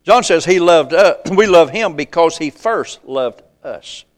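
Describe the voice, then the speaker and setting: Folksy older preacher with a drawl. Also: male voice, fairly high pitch, animated. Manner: folksy, calls out to the congregation, slows down to recite scripture. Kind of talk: sermon. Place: church.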